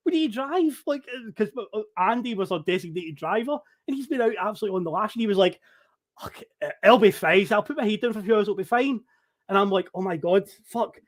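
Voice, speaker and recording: A man with a Scottish accent telling an animated, swear-laden story as a podcast guest on an online call. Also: sits high. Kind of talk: casual storytelling.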